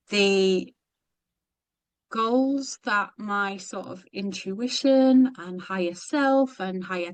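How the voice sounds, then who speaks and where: Weary British woman, halting and rambling. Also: mid-range voice, smooth, dry recording. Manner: halting, rambling, self-deprecating. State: exhausted. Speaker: mentorship member. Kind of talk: sharing in a group coaching call.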